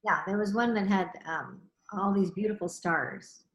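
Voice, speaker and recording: A woman's voice: mid-range voice, moderate pace, echoey room. A woman listening and reacting with brief comments.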